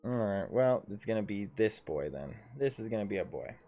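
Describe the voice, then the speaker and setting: A man's voice: on the low side, animated, fairly quick, dark tone, soft background music. A man in his thirties acting as dungeon master on a casual livestream, thinking aloud as he reads out the adventure and calls for rolls. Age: 30s.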